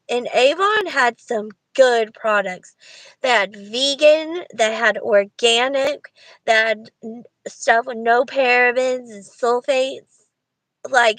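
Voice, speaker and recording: A woman's voice: a little high, a bit bright, no room sound, rough recording. Rambling woman thinking aloud, dry sound. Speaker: livestreamer. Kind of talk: casual livestream chat. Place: Walmart parking lot.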